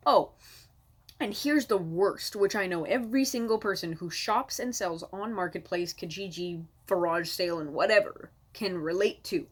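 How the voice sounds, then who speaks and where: A woman's voice: on the low side, moderate pace, breathy edge. Woman comic from Canada, home-recorded rant, sarcastic, exasperated, swears a lot. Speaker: comedian. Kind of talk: stand-up comedy rant to camera.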